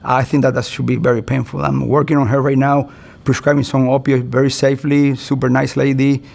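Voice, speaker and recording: A man's voice: mid-range voice, level tone, a little fast, creaky, darkish tone. A middle-aged man, a physician, giving a recorded continuing-education lecture in an earnest, conversational way. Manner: earnest, conversational, acts out doctor-patient exchanges.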